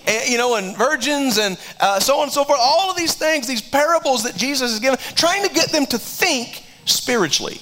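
A man with a high, bright voice preaching a sermon. He retells the scripture earnestly, acting out the lines of the people in it. He often stops and restarts a phrase. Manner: earnest preaching, acts out quoted dialogue, frequent restarts. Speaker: pastor.

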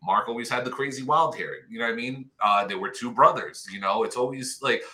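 Guy with a bright voice rambling casually, lots of you-knows. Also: medium pitch, a little fast. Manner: rambling, fan enthusiasm, many "you know"s. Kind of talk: casual chat.

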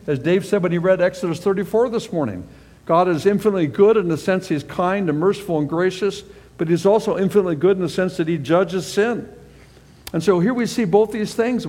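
High-voiced man preaching in a reverberant hall. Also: a little mellow. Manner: earnest, reads scripture aloud and explains it verse by verse. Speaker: pastor. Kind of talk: sermon. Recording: long reverb of a large hall.

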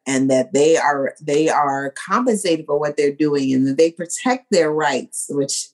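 A woman's voice: low voice, a little slow. A woman co-hosting a podcast in casual chat, rambling and tipsy, playful and loose. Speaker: podcast co-host.

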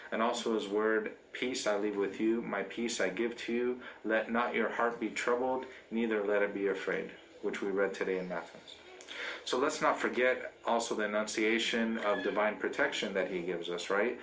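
Male priest, preaching off the cuff; lowish voice, faint room noise behind. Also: steady tone, moderate pace, fairly bright tone, reverberant, poor audio. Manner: unscripted, with frequent fillers and restarts. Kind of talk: sermon. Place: church.

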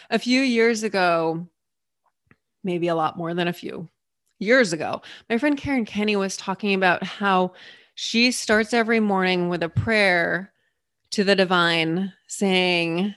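A woman hosting a solo podcast, talking reflectively and acting out her own inner thoughts in lively asides. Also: medium pitch, a little slow, no room sound, clean studio sound. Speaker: podcast host.

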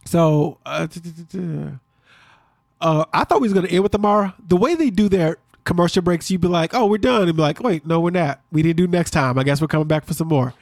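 Fast talking podcast guy recapping tv, kinda high voice, dry close sound. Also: no echo. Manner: fast-talking, animated storyteller. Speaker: podcast co-host. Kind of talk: casual recap chat.

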